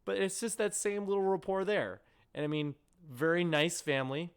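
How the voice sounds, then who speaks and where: A man with a northern US accent, hosting a solo sports podcast and ranting in a chatty, rambling way with quick asides. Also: high-pitched, clean tone. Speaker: podcast host.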